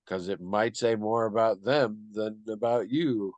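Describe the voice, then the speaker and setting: A man co-hosting a podcast, talking through a question in a thoughtful, measured way. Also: on the low side, a little mellow, dry recording, lo-fi sound. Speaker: podcast co-host. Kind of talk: casual discussion.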